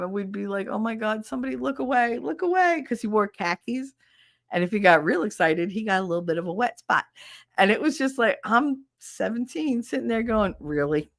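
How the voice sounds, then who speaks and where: Gravelly-voiced middle-aged woman telling stories. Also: medium pitch, moderate pace, no room sound, clean studio sound. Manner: profane, laughs often, animated. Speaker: livestream host. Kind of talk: casual storytelling.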